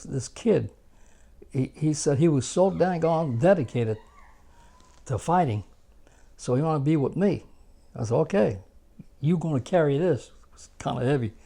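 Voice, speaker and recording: An older American man, a war veteran, telling rambling, animated stories in a casual interview and laughing at his own tales. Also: mid-range voice, a little slow, vocal fry, pauses often. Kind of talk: casual spoken storytelling.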